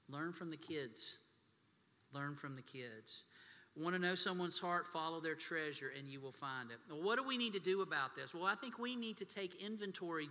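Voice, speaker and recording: A man's voice: a little high, pushed and bright, slight background noise. A man preaching a sermon as pastor, telling folksy stories and talking to the congregation as y'all. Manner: folksy storytelling, addresses crowd as y'all. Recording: long hall reverb.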